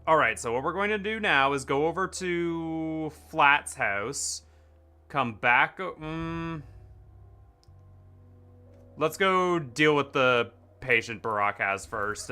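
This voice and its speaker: A young man streaming a game, reading the characters' lines aloud and breaking off into loud, excited chatter with his viewers. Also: medium pitch, takes it slowly, clear, resonant tone, faint music behind.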